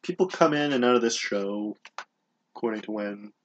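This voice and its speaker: A man's voice: lowish voice, normal speed, highs cut off. A man co-hosting a casual podcast, leading the recap and teasing his co-host dryly. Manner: dry, teasing, leads the recap. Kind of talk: casual chat.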